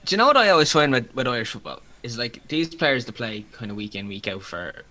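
A man's voice: mid-range voice, very animated, fast, sharp tone. A man co-hosting a casual sports podcast, giving blunt opinions and swearing freely. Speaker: podcast co-host.

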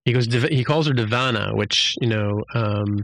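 This podcast host speaks at a normal speed in a mid-range, fairly bright voice with vocal fry. Casual and rambling, he goes over an episode with lots of fillers and restarts, voicing the quotes himself.

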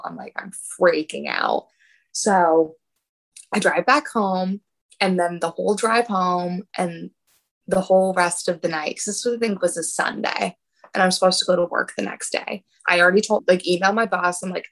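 A woman's voice: lowish voice, moderate pace, gravelly, poor audio. A young woman telling a personal story in casual chat, laughing often and acting out what people said. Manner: animated, laughing, acts out quotes.

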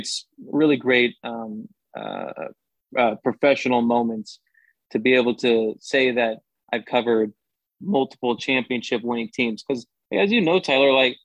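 A man's voice: medium pitch, dry recording, lo-fi sound. A young man, a sports anchor, chatting casually as a podcast guest and often restarting his sentences with upbeat energy.

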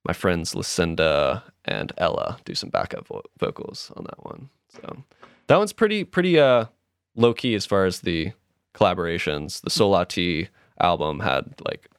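Low voiced podcast host guy, calm and reflective, lots of um and you know, dry sound. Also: vocal fry, clear, resonant tone, dry recording. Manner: calm, unhurried and reflective, with many fillers. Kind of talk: reflective casual podcast chat.

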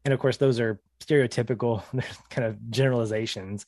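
A man's voice: medium pitch, steady tone, fairly quick, darkish tone, no echo. A man co-hosting a podcast, chatting casually through a TV episode recap in a reflective way, often laughing mid-sentence. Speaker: podcast co-host.

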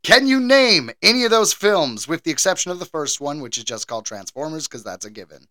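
Male podcast co-host, bright and lively, quick to laugh, dry close recording. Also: fairly high pitch, no echo. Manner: animated, laughs often, jokey. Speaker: game show quizmaster. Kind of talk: casual podcast chat.

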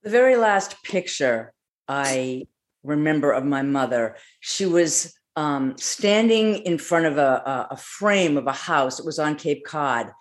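A man's voice: a little high, animated, a little slow. A man telling a personal story in a wry, detailed, conversational way. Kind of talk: personal story told on stage.

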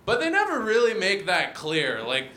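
A young man performing a stand-up comedy set with a deadpan, self-deprecating delivery. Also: sits high, moderate pace. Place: comedy venue with audience. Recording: roomy venue sound.

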